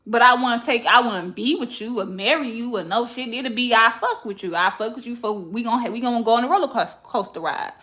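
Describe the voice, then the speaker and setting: Blunt, profane woman with a bright voice. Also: on the high side, fast, hardly any pauses. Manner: blunt, profane, animated storytelling. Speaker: podcast host. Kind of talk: casual candid chat.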